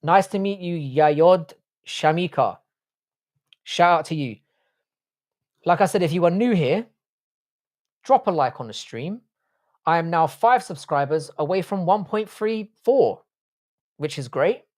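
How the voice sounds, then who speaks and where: Unhurried and expressive, this young English livestream host speaks in a fairly high, slightly mellow voice with frequent pauses. With an English accent, he reads viewer comments and chats bluntly, swearing as he does.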